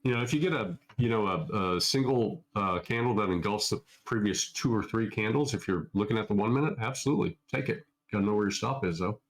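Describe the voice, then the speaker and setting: A man's voice: lowish voice, fairly quick, hardly any pauses, poor audio. A middle-aged man from Minnesota hosting a casual live Q&A, answering viewer questions off the cuff in a loose, chatty way. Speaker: trading educator hosting a Q&A.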